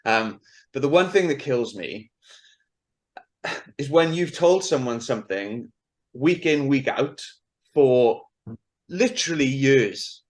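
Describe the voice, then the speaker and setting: A man's voice: medium pitch, animated, takes it slowly, pauses often. A Welsh man co-hosting a casual podcast, complaining in an earnest, exasperated way about teaching. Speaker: podcast co-host, agility instructor.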